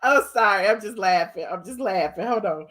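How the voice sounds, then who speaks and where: A woman's voice: mid-range voice, expressive, moderate pace, fairly bright tone. A woman hosting her channel, commenting casually on clips with amused, incredulous rhetorical questions and frequent laughter. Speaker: channel host.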